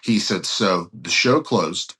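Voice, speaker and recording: A man, a pastor and guest, telling a story in conversation in an earnest, animated way and acting out what others said. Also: low-pitched, slow pace, husky. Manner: animated, acts out others' speech while retelling; earnest, some restarts.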